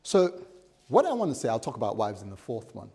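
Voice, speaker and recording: A man preaching a sermon in a relaxed, conversational way, acting out little everyday scenes as he teaches. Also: mid-range voice, fairly quick, breathy edge. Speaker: pastor.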